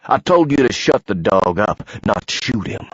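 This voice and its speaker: A man voicing an older male villain who is cold and bossy, speaking in a gruff, demanding way. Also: on the low side, sing-song, a little slow, dry recording, muffled recording, exaggerated voice. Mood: irritated.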